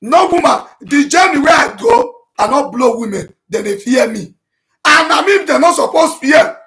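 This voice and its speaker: A man speaking Nigerian Pidgin English in an impassioned, repetitive monologue to his online audience, shouting and breaking into chanted vernacular as he rebuts accusations. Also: extremely high pitch, sing-song, moderate pace. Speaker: self-styled prophet addressing his online audience.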